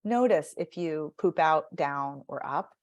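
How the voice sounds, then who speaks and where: A woman's voice: low voice, slow. Woman coach demonstrating speech habits. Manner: animated, demonstrates vocal patterns by acting them out. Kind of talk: podcast guest interview.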